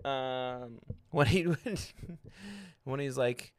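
A man's voice: mid-range voice, extremely slow, clear, resonant tone, dry recording. A man co-hosting a casual sports podcast, talking in a laid-back, rambling way with many fillers. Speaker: podcast co-host.

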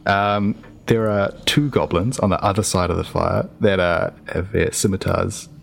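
A man's voice: low-pitched, fairly even intonation, moderate pace, gravelly, slight background noise. A man narrating as game master of a tabletop game, easygoing and laughing often.

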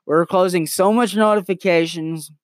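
A man's voice: sits high, steady tone, moderate pace, dry recording, studio quality. A young man hosting a casual home podcast, talking in a hyper, rambling way and swearing freely. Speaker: podcast host. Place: at home with his dog. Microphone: new desktop microphone.

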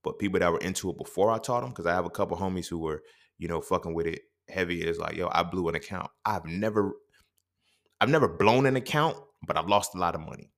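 A young man hosting a casual podcast monologue, swearing freely and acting out quoted dialogue in his stories. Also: quick pace. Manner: profane, streetwise storytelling with quoted dialogue; animated, jumps up in pitch when quoting. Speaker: podcast host.

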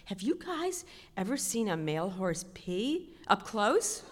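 A middle-aged woman telling a self-mocking story on stage, chatty and animated. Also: medium pitch, unhurried. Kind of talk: stand-up storytelling. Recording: long hall reverb.

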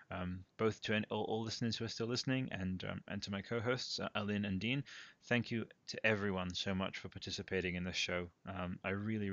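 A man's voice: low-pitched, creaky, a bit bright, dry recording, highs cut off. A man hosting a casual podcast chat, talking hesitantly with many fillers and laughing easily. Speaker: podcast host.

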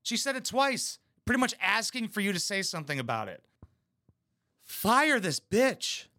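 A man's voice: sits high, big pitch swings, fast, sharp tone, no room sound, studio quality. A man giving crude, mocking, blunt commentary while reacting to a reality show. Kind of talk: casual profane commentary.

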